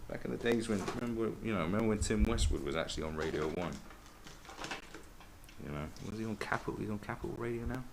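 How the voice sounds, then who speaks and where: A man's voice: fairly low pitch, fast talker, vocal fry, noisy background. A man hosting a podcast, telling rambling, sweary stories in a casual monologue.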